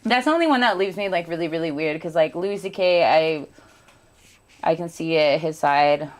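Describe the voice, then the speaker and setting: A woman's voice: on the low side, animated, normal speed. A young woman hosting a casual podcast chat, talking candidly, swearing freely and joking with sarcasm. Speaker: podcast host.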